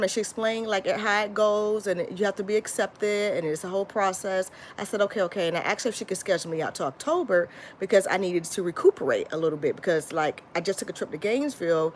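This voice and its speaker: A woman's voice: medium pitch, brisk, a little hiss or hum. A woman from Florida, telling a rambling storytime to her viewers and calling them y'all. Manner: rambling, lively, addresses viewers as y'all, frequent restarts. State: tired. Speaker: vlogger. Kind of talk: casual storytime chat to viewers.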